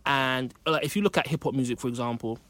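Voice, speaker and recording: A man's voice: mid-range voice, fast talker, a bit bright, no room sound. A British man in a casual discussion, making his points through stories and examples, his voice a little cracked. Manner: thoughtful, builds points with examples.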